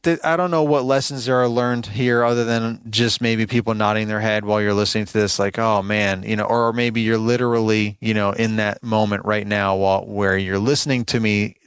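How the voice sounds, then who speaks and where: In a casual storytelling monologue on his podcast, a man who owns a lawn care business rambles conversationally and sounds exasperated over complaints. His voice is on the low side and smooth, with a level tone, delivered briskly with few pauses. There's no echo.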